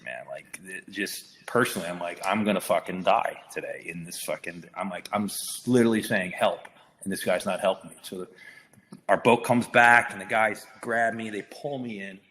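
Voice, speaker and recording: Man, low voice, swearing storyteller, podcast guest, long reverb, faint hiss. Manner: profane, excited storytelling with many restarts. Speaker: actor guest. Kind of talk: casual interview storytelling.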